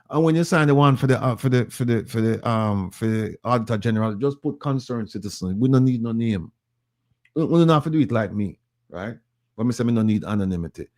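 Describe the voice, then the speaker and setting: A man's voice: medium pitch, darkish tone. A man with a Jamaican accent speaking as an activist in an online group audio chat, urging listeners with emphatic repetition.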